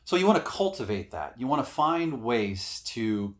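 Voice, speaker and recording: A man's voice: mid-range voice, big pitch swings, moderate pace. A middle-aged man, an acting coach, giving casual spoken advice with emphasis, swearing now and then.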